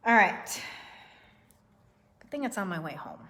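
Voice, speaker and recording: A young woman chats loosely through a live tarot reading, swearing freely and breaking into laughter. Her voice sits at an ordinary middle pitch for a woman, and the talk wanders and jokes before getting to the cards. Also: sing-song, a little slow, pauses often, bright, forceful tone, slight background noise. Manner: chatty, swearing, laughing often. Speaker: tarot reader. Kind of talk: casual livestream tarot reading.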